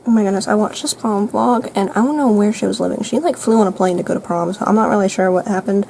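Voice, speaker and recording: A teenage girl chatting casually through her makeup routine, rambling and thinking out loud. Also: mid-range voice, a little hiss or hum, poor audio. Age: teens. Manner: rambling, self-narrating, thinking aloud; soft, light voice at times. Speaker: vlogger. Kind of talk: chatty makeup get-ready-with-me vlog.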